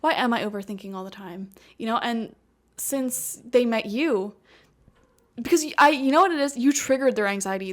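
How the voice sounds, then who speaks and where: A woman giving a casual tarot reading to her viewers, chatty and laughing often, with lots of "like" and "you know". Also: on the high side. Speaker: tarot reader. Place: home room with a cat.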